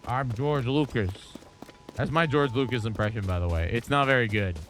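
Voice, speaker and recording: A man's voice: on the low side, expressive, fast talker, fairly bright tone, soft background music. A man streaming live, chatting casually and rambling through his thoughts with frequent restarts. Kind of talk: casual chat.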